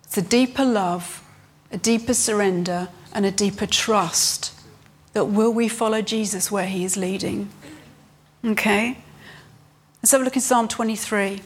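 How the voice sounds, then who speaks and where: A woman preaching a sermon, earnest, rising in pitch on emphasis and slowing down to read scripture. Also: breathy edge.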